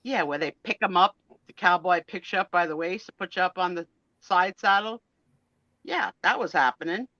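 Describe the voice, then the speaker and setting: Bright, gushing woman host. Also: lowish voice, normal speed, dry recording, dull audio. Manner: enthusiastic, gushing, teasing. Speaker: host of a live sale stream. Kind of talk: casual livestream chat.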